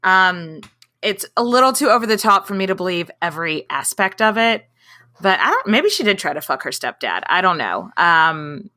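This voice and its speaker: A woman co-hosting a history podcast, chatting casually and irreverently with quick asides. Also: lowish voice, sing-song, pushed and bright. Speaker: podcast co-host.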